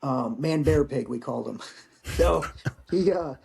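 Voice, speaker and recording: A man's voice: a little high, a little slow, gravelly, a little mellow, a little hiss or hum. A man in his forties, a veteran guest, telling stories in a candid, rambling way and swearing casually. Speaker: podcast guest, Marine veteran. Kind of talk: casual storytelling.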